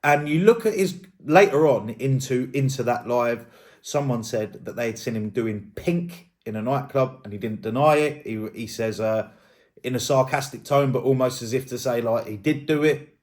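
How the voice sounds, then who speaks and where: A man's voice: mid-range voice, moderate pace, a little mellow. A man giving casual, rambling commentary as a YouTube drama host, thinking aloud and hedging as he goes.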